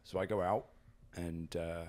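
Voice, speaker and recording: This British man's voice is deep and a little dark, with fairly even intonation and a slightly slow pace. Speaking from his house as a guest, the professional wrestler rambles through interview stories, full of fillers and restarts, acting out quotes along the way.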